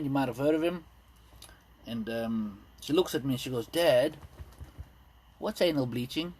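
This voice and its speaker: A man in his thirties doing a rambling, self-deprecating stand-up set, full of ums and pauses. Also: medium pitch, a little mellow, slight background noise. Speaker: stand-up comedian. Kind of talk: stand-up set streamed live. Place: indoors at home.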